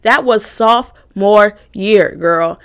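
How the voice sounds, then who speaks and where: A woman's voice: mid-range voice, slow pace, creaky, clear, resonant tone. A woman in her twenties, a college student telling a heated storytime, swearing and ranting with mocking asides. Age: 20s. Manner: animated, profane, heated, mocking voices of others.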